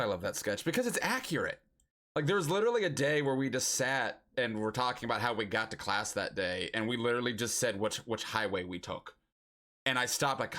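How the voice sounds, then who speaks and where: Young adult man, game-stream host; relaxed musing chat with lots of pitch movement. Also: moderate pace. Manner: thinks aloud, musing and chatty. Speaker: streamer playing a geography guessing game.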